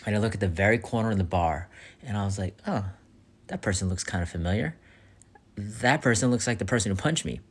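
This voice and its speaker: A man who works at a bar, telling a story in a quiet, matter-of-fact way. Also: fairly low pitch, brisk, slightly rough. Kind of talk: casual storytelling.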